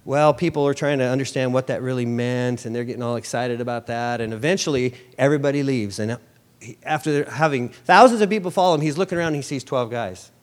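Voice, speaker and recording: A man's voice: medium pitch, quick pace. A man preaching a sermon in a conversational way, with rhetorical questions and wry asides.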